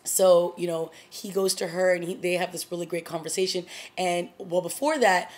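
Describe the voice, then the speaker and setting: A woman's voice: on the low side, steady tone, normal speed, darkish tone. A woman giving a casual, chatty solo review of a TV episode, retelling scenes with lots of fillers like "you know" and "like.". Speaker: TV review vlogger.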